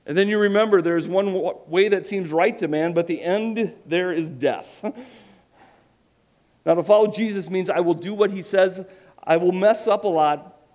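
A man's voice: high-pitched, a little mellow. A man preaching a sermon, earnest and emphatic, with self-deprecating humor. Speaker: pastor.

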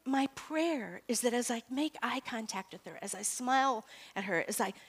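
A woman giving a devotional Bible teaching talk in a conversational, animated way, moving from soft scripture reading to loud emphatic asides. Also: a little high, normal speed, breathy edge. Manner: conversational, self-correcting.

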